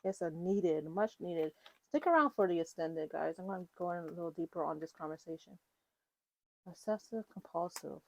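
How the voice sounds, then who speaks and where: A woman's voice: lowish voice, normal speed, vocal fry, a little mellow, no echo. A woman giving a casual, rambling tarot reading to her viewers, full of fillers and restarts. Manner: chatty, rambling, with fillers and self-corrections. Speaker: tarot reader.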